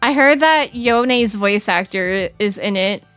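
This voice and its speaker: A woman's voice: mid-range voice, takes it slowly, fairly bright tone, clean tone, no room sound, faint music behind. A young adult woman streaming, chatting casually with her chat in a bubbly, giggly, rambling way.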